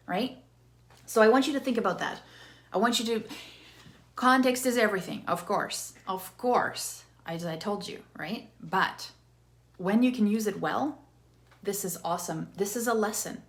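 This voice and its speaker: Woman coach, lively casual delivery, mid-pitch, leans on "right?" checks. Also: moderate pace. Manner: animated, chatty, with restarts and rhetorical "right?". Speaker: interactive storytelling coach. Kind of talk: casual teaching talk to viewers.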